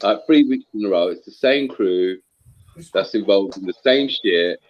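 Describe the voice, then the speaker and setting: A man with a lowish voice talks at a normal speed in a heated, casual voice chat, captured on dull, lo-fi online audio. His storytelling is profane and animated, packed with slang and plenty of swearing.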